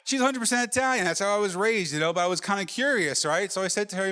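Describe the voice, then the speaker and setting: A man's voice: high voice, quick pace, pushed and bright, clean tone. A middle-aged man doing a stand-up comedy set, telling brash, profane stories and peppering them with "right?" asides. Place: comedy club stage with live audience.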